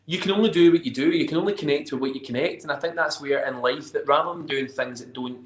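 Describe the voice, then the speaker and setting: A man's voice: fairly high pitch, quick pace. Reflective man in an echoey room. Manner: reflective, gives advice. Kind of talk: casual chat.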